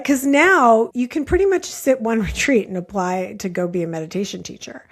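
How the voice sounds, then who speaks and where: A woman's voice: a little high, moderate pace, hardly any pauses. Earnest woman in her late fifties. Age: late 50s. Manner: earnest, thoughtful, frequent "like" fillers. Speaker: podcast guest, meditation teacher. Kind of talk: reflective storytelling in conversation.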